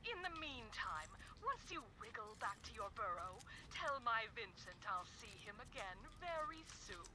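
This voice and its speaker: A woman's voice: a little high, sing-song, moderate pace, few pauses, background noise. An actress playing a menacing, condescending villainous woman in a video game, gloating and scornful.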